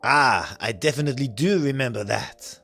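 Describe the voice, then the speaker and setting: A man voicing a gentle, caring young master of cat girls in a fan dub of a visual novel, reading earnestly. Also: mid-range voice, normal speed, breathy edge, soft background music.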